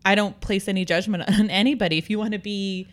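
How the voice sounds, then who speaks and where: A woman's voice: medium pitch, steady tone, fast talker. A woman co-hosting a casual chat, speaking bluntly and with strong opinions, swearing freely.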